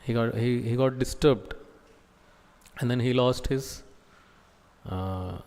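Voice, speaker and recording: A man giving a scripture class as a preacher, talking slowly with many pauses and fillers. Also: medium pitch, a little mellow, big-room sound. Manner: slow, halting delivery with many pauses and fillers. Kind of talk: sermon. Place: temple hall.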